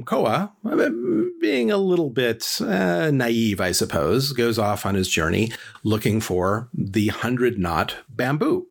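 A man telling an old legend in a loose, joking way, full of asides and fillers. His mid-pitched voice rises and falls in a very animated way. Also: slow, gravelly. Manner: chatty, joking, lots of fillers. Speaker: storyteller. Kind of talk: casual storytelling.

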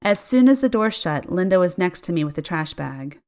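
A woman narrating a first-person story in an expressive, audiobook storytelling style. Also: fairly low pitch, normal speed. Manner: expressive storytelling, acting out dialogue.

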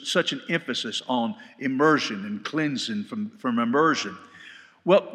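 A man gives a sermon-style Bible lecture with a lively, swooping pitch and a bright, forceful tone. His voice sits a little high for a man. The live church hall recording carries a long reverb tail. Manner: animated storytelling, shouting quoted lines. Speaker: Bible study teacher.

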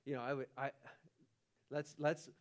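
A man preaching a sermon as pastor, animated, often restarting and repeating his words. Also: mid-range voice, measured pace. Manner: animated, acts out the angel's lines with rising excitement.

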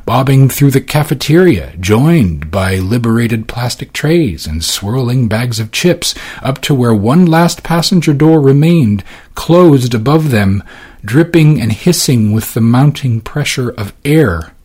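A man's voice: medium pitch, expressive, unhurried, darkish tone, breathy edge. A man giving dramatic scripted narration of a novel as an audiobook narrator. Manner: dramatic, swinging delivery.

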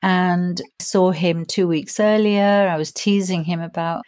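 A woman in her sixties, a grief coach telling her own story in an interview, reflective and earnest, slowing down to stress key points. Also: on the low side, steady tone, a little mellow. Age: 60s. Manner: reflective, earnest, slows down for emphasis.

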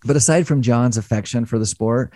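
A man's voice: mid-range voice, a little fast, dark tone, no echo. A middle-aged man hosting a studio chat show, upbeat and chatty with jokey asides. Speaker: host.

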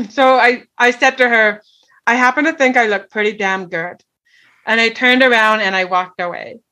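Bright, earnest middle-aged woman storyteller. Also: on the high side, normal speed. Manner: earnest, often asks "right?". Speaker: guest. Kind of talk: personal storytelling.

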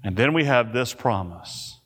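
A man pastor preaching a sermon, slow and emphatic, with dramatic pauses on key words. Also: mid-range voice, animated, fairly bright tone, slightly rough. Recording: reverberant church hall.

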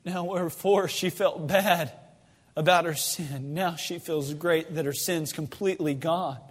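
High-voiced pastor guy preaching, fervent then hushed, long church echo. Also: a little slow. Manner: swings from loud, fervent pleading to hushed, low-voiced storytelling. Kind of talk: sermon. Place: church sanctuary. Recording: long reverb of a church sanctuary.

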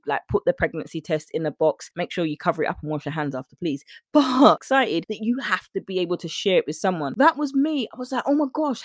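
A woman's voice: lowish voice, darkish tone, no room sound. Earnest woman telling her story, dry sound. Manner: earnest, emotional storytelling that acts out her own quoted thoughts. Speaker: nutrition coach. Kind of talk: personal testimony on a podcast.

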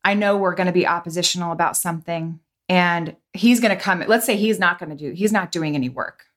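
A woman's voice: on the low side, a little fast, fairly bright tone. A woman hosting a casual conversation, talking playfully and animatedly and often breaking off her own sentences. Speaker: podcast host. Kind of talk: casual chat.

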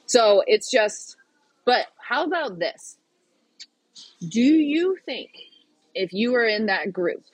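A woman chats casually as a podcast guest, lively and quick to laugh. Her voice is a little husky and mid-pitched. It sounds dry and close to the mic. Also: no echo, low-quality recording. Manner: animated, fast, laughs often. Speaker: podcast guest, pickleball player. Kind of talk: casual chat.

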